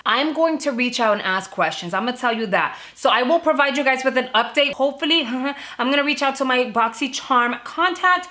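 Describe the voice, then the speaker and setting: A young adult woman talking casually to camera about beauty subscription boxes, chatty with quick asides. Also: high-pitched, expressive, sharp tone. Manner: chatty, fast asides with frequent "like" and laughs. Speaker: beauty subscription box vlogger.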